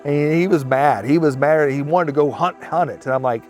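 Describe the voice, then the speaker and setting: A man's voice: mid-range voice, a little fast, darkish tone, faint music behind. A man in an interview rambling through a retold story and slipping into quoted speech. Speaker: interviewee recounting a sighting.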